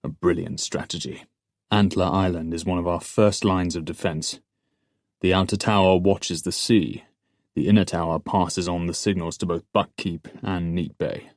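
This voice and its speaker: A man doing a calm, commanding prince. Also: sits low, normal speed, dry recording, clean studio sound. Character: calm, steady prince, a military leader.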